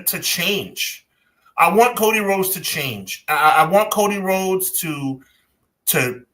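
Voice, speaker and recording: A man co-hosting a wrestling podcast, talking in an animated, opinionated way and repeating himself for emphasis. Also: fairly high pitch, rough recording. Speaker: podcast co-host. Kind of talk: casual wrestling podcast chat.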